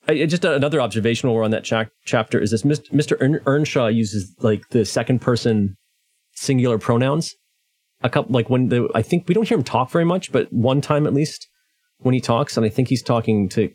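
Man, co-host, casual chat, stammering restarts, mid-pitched voice, dry sound. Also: lively intonation, brisk, darkish tone, no echo. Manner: chatty and questioning, with stammering restarts. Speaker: podcast co-host. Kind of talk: casual book discussion.

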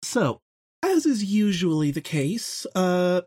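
A woman hosting, grading a reading response in a measured, wordy, gently teasing manner. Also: lowish voice, sing-song, breathy edge. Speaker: host grading assignments. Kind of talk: casual podcast critique.

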